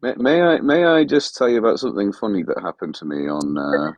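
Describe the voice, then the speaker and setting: Pushy, fast-talking male caller. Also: lowish voice, very animated, no echo, lo-fi sound. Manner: rambling, keeps pushing on after being told to go. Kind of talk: phone-in call.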